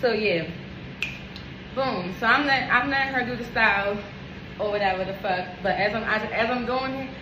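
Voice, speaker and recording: A young woman hairstylist telling a story to her phone camera, animated, emphatic and full of swearing. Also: a little high, normal speed. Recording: echoey room with steady background noise.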